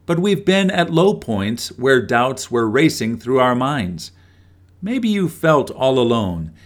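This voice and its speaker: A man reading a scripted daily devotion in a gentle, measured way, with scripture and a closing prayer. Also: medium pitch. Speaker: devotional speaker.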